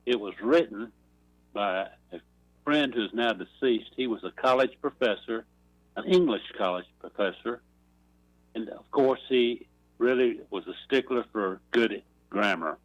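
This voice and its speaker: A man calling a talk radio show and slowly telling a long joke, clearing his throat along the way. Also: on the low side, no room sound, highs cut off. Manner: slow rambling storyteller, clears throat. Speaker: caller.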